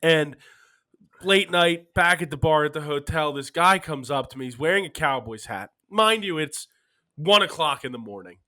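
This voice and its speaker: A man's voice: fairly high pitch, expressive, moderate pace, pushed and bright. A young man from Philadelphia hosting a casual sports betting podcast, easygoing and passing the talk around. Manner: easygoing, hands off to co-hosts. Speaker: podcast host.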